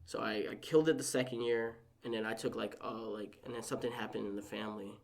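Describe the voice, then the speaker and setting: A man's voice: fairly low pitch, fairly even intonation, fast, gravelly. A young man chatting as a podcast guest, rambling through a personal story with lots of "like" and acting out what his family said. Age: young adult. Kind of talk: casual podcast conversation.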